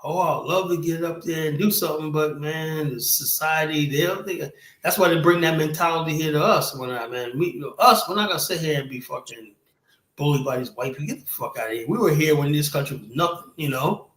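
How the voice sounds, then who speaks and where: A man hosting a stream, talking bluntly and profanely and rambling, with a steady stream of "you know". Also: on the high side, a little fast. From United States. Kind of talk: casual stream talk. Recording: roomy echoey sound.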